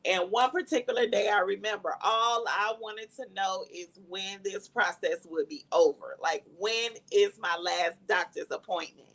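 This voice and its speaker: Woman guest, gravelly voice, earnest first-person testimony, mid pitch. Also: moderate pace, a bit bright, low-quality recording. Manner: earnest, reflective storytelling with emotional emphasis. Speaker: guest, cancer survivor sharing testimony. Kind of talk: personal testimony in casual talk.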